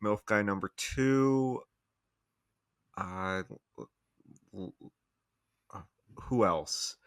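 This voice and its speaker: Slow teasing man, dry close sound. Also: lowish voice, clean tone, no echo. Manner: teasing, deadpan mock questions. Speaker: podcast co-host. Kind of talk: casual joking chat.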